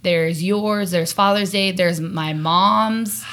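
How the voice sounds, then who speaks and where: A young woman co-hosts a casual chat show, her voice bright and clear. She rambles, laughs easily and keeps things light. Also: fairly low pitch, slow pace. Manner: giggly, rambling and chatty. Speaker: podcast co-host.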